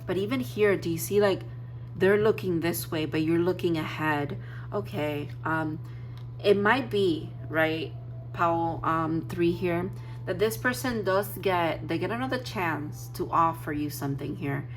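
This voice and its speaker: A woman's voice: fairly low pitch, a little slow, a little hiss or hum, low-quality recording. A woman giving a casual tarot reading, rambling and emotional, with many fillers and restarts. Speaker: tarot reader.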